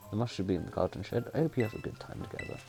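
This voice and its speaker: Fussing old grandma from a game read by a man, low and gravelly, faint music under it. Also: animated, racing. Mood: apologetic. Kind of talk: reading game dialogue aloud.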